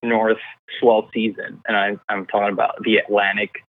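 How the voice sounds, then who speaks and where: A man's voice: on the low side, flat delivery, moderate pace, dry recording. A man from the Dominican Republic, a podcast guest, chatting in a laid-back, rambling way over a remote call. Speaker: podcast guest, business owner. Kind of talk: casual chat. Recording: tinny phone-like call audio.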